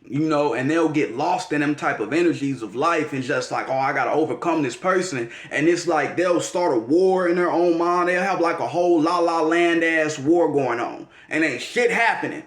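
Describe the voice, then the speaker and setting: A man's voice: on the high side, moderate pace, few pauses. Profane rambling man in an echoey room. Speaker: astrology vlogger. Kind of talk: casual monologue.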